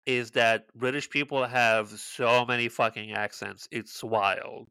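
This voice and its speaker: A man's voice: medium pitch, steady tone, a little slow, sharp tone, clean tone, no room sound. A man co-hosting a podcast, chatting casually, sarcastic and exclaiming with frequent swearing. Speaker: podcast co-host. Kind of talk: casual chat.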